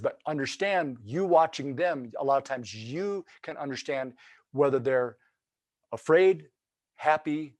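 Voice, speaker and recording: A man's voice: a little high, darkish tone, no room sound. A man giving a webinar lesson on turkey hunting, explaining calls in a folksy, loose way with many restarts.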